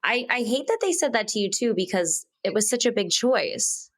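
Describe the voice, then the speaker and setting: A woman's voice: on the high side, lively intonation, normal speed. Sympathetic woman podcast host. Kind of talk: interviewing guests.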